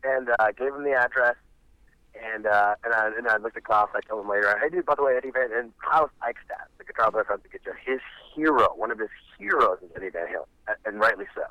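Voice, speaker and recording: A man's voice: lowish voice, a little fast, bright, forceful tone, no room sound, rough recording. A middle-aged man, a musician guest, telling rambling stories in an interview. He restarts often and acts out the quotes of the people in his stories. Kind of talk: animated storytelling in an interview.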